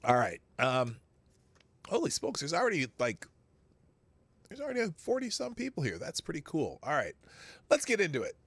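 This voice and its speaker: A man's voice: fairly high pitch, huge pitch swings, normal speed, long pauses, a bit bright, breathy edge, no room sound. A man hosting a live stream, greeting chat viewers by name in a chatty, rambling way and chuckling to himself. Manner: chatty, laughs to himself, reads names off chat. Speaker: livestream host.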